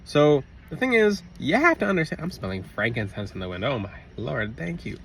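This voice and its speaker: A man telling a personal story in a casual, rambling monologue, interrupting himself and bursting into loud re-enacted shouts. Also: medium pitch, sing-song, brisk, gravelly. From Florida. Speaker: religious vlogger. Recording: slightly distant mic, faint outdoor traffic noise.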